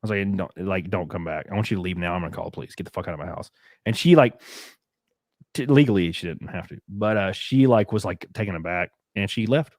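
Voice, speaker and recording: Open-hearted man, low voice, dry sound. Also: brisk, darkish tone, no echo. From United States. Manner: candid, rambling storytelling with many fillers. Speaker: podcast host. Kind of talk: casual chat.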